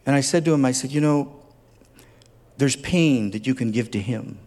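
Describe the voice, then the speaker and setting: A man's voice: mid-range voice, normal speed, darkish tone. A man preaching a sermon as a pastor, speaking earnestly and tenderly, building at times to fervent emphasis. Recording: long hall reverb.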